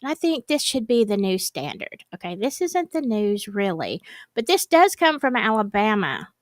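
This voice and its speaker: A woman's voice: mid-range voice, very animated, normal speed, dry recording. A woman, hosting a casual, rambling chat and laughing often. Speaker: host. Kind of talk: casual chat to a live audience.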